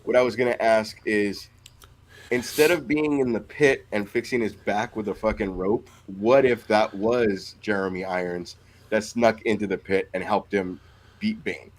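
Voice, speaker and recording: A man's voice: fairly low pitch, steady tone, normal speed, low-quality recording. A man co-hosting a podcast, talking in a loose, rambling way. He swears freely and often drifts off mid-thought. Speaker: podcast co-host. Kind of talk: casual chat.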